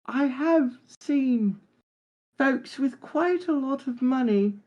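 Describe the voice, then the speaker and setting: A performer voicing a scrappy male high elf pirate and former beggar, speaking in a posh British accent mixed with Cockney and musing with plenty of hedging. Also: lively intonation, slow, darkish tone, highs cut off. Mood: wistful. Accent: posh British blended with Cockney.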